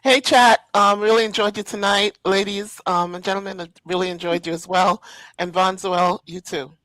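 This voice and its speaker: A woman's voice: medium pitch, steady tone, normal speed, a bit bright, dry recording, low-quality recording. A woman speaking hesitantly with many fillers as a guest on a live stream. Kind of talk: casual live-stream chat.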